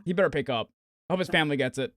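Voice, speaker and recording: Young streamer dude, high lively voice, cusses a lot, dry close mic. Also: male voice, racing, dry recording. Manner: swearing, ranting, melodramatic outbursts. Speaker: gaming streamer. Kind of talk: casual live-stream chatter.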